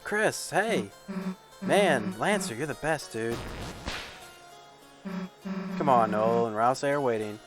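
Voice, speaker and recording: A man's voice: mid-range voice, expressive, takes it slowly, long pauses. Man doing a brash tough monster girl. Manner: blunt, swearing, casual. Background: game music.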